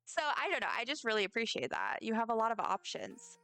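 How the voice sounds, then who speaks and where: A chatty woman streamer talks her way through a game, giggling and apologizing to the characters. Her voice is smooth and clear, sitting a touch high, with quiet music playing underneath. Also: very animated, fast. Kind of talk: casual gameplay chat.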